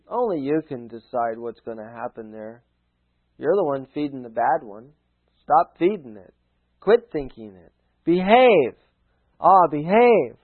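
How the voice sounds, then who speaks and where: A man preaching a folksy sermon, urging his listeners, swinging from loud appeals to hushed asides. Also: medium pitch. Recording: phone-like narrow sound.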